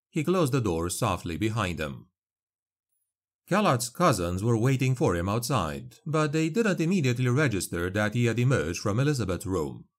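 A man narrating a dark fantasy audiobook in a grave, measured way. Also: on the low side.

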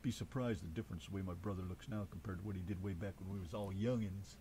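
A man's voice: low voice, steady tone, quick pace, mellow, a little hiss or hum. An American man co-hosting a casual radio show, joking, swearing freely and hamming up a mock British voice.

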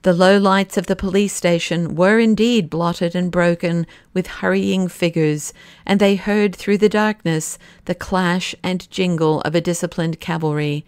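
A woman with a smooth, rather low voice reads a classic novel aloud at a measured pace, slowing for the dramatic passages. The recording is dry and close, with no room sound. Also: steady tone, darkish tone, no echo. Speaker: audiobook narrator. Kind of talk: scripted narration of a classic novel.

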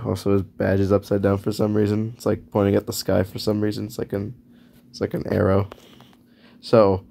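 A man narrates casually as he draws, rambling and correcting himself in an offhand way. His voice is low and gravelly, with a dark, mellow tone. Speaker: video creator. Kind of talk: casual narration while drawing.

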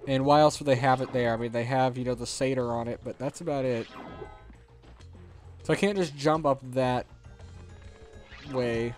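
Brief: male let's play host, jokey sarcastic ramble, mid pitch, faint music. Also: steady tone, moderate pace, long pauses, darkish tone. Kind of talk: gameplay commentary.

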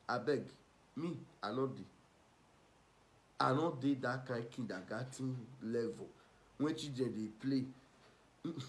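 An online commentator with a Nigerian Pidgin accent delivers ranting, mocking gossip commentary at a medium pitch. He scolds and swings between loud and soft.

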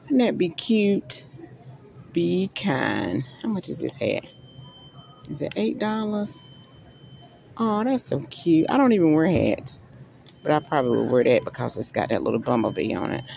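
Gravelly, lively middle-aged woman vlogging. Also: sits low, moderate pace, slight background noise, rough recording. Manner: chatty, thinking aloud while browsing store shelves. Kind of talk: casual shopping vlog talk to viewers. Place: inside a large store. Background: store ambience.

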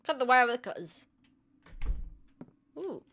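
A woman's voice: sits high, big pitch swings, measured pace, a bit bright, slight background noise. A young woman playing a horror game and commenting in a joking, self-mocking way. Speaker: gamer. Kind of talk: let's play commentary.

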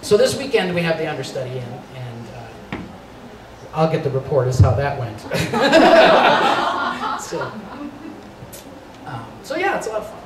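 A man's voice: a little high, sing-song, measured pace, pauses often. A man guesting on a fan convention panel, rambling casually through audience questions and chuckling often. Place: large convention panel room. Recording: echoey hall from far off, crowd noise. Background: audience crowd.

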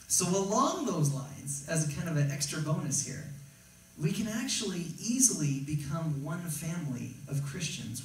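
A man's voice: mid-range voice, a little mellow, slight background noise. A man preaching a sermon as pastor. He talks in a conversational, emphatic way and keeps asking the room "right?". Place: church sanctuary. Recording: very echoey church hall, mic at a distance.

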